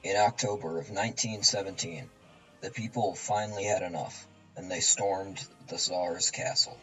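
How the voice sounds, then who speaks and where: A man reading a scripted narration as a student narrator, in a flat, even, low-leaning way. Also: moderate pace, soft background music. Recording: distant mic, dull and lo-fi.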